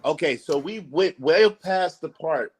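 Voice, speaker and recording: This man has a bright, high voice and talks like a streamer in a heated call-in argument. He repeats his points over and over, throws insults, and his voice climbs and gets loud as he goes. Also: animated, unhurried, a little hiss or hum. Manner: ranting, insulting, repetitive; voice rises and turns loud when angry. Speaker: streamer hosting a call-in panel.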